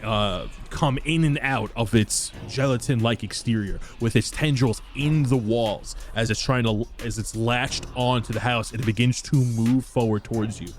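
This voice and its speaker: Guy dm-ing a tabletop game, middle voice, takes his time describing stuff, music in the back. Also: medium pitch. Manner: descriptive, drawn-out narration with pauses. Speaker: game master. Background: background music.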